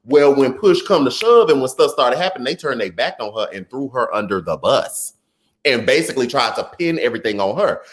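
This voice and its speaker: A man's voice: mid-range voice, fairly quick. A man with a Texas twang hosting a casual political livestream, chatting with viewers and stumbling over words now and then. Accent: Texan. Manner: chatty and animated, calls the audience y'all, stumbles over words. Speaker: political commentary livestream host. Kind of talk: casual livestream commentary, reading viewer comments.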